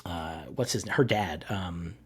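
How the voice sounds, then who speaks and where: A podcast co-host with a low-pitched, slow, slightly rough voice chats casually about comics, swearing freely and acting out quotes.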